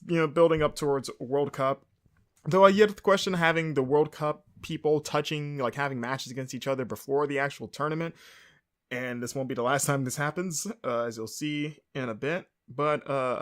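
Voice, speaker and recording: A man's voice: on the high side, fairly bright tone. Rambling man recapping a show. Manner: rambling, many fillers and self-corrections. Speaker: podcast host. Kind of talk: casual solo show recap.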